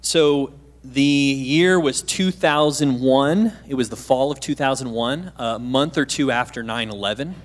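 A man's voice: medium pitch, measured pace. A man in his thirties preaching as a guest pastor, telling a personal story with jokes and questions to the congregation. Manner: chatty, self-deprecating, asks the audience questions. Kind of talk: sermon storytelling with humor. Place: church stage.

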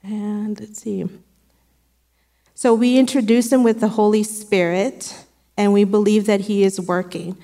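A woman's voice: mid-range voice, fairly even intonation, moderate pace, warm tone, in a large hall. A woman sharing an earnest, conversational devotional with her church. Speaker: church speaker.

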